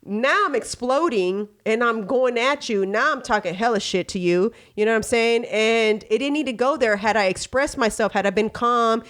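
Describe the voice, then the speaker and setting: Speaking at a moderate pace with hardly any pauses, a woman from Texas hosts a casual podcast in a high-sided, fairly bright voice. She's candid and full of filler phrases, often switching into voices to act out dialogue.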